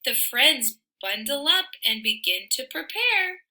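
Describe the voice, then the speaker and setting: A woman reading a children's picture book aloud in an expressive, sing-song way, with soft asides to the listener. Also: sits high, slow, low-quality recording. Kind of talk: read-aloud storytelling for children.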